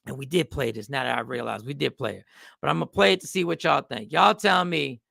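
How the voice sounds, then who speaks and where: A man's voice: mid-range voice, fast talker, creaky, sharp tone, dry recording. A man hosting a talk show, giving emphatic casual commentary straight to his viewers.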